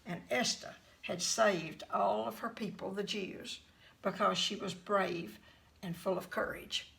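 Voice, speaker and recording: A woman teaching a children's Bible class, telling the story gently, with fillers. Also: medium pitch, fairly even intonation, a little slow, gravelly, poor audio.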